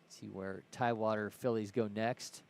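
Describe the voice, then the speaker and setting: A man's voice: lowish voice, fairly even intonation, moderate pace, vocal fry. A man from Ohio calling a live baseball game play-by-play in an easygoing way, correcting himself as he goes. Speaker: play-by-play commentator.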